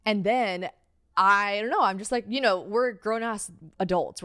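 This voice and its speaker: A woman's voice: mid-range voice, measured pace, bright, forceful tone, no echo, clean studio sound. A young woman hosting a solo podcast, telling a story in a chatty, profane way with lots of filler words and dramatic quoted voices. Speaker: podcast host.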